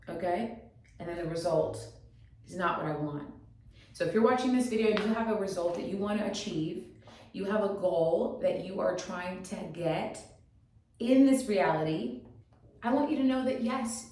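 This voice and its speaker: Mellow-voiced woman coaching in an echoey room. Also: medium pitch. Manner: encouraging, asks rhetorical questions, checks in with 'okay?'. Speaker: motivational coach. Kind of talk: motivational teaching talk. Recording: very echoey room, distant mic.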